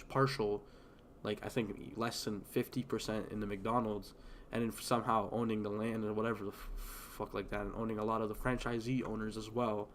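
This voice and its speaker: A man's voice: lowish voice, slight background noise. A young man streaming a game, chatting in a loose, rambling way full of fillers, restarts and swearing. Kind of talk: casual rambling chat while gaming.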